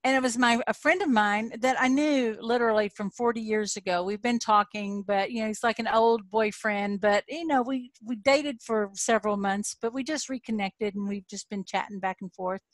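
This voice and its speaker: Older woman, bright-voiced chatty coach. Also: on the high side, no echo. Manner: chatty storytelling with frequent laughs; slows into soft guided prompts. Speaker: coach hosting a live online event. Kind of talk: live webinar coaching.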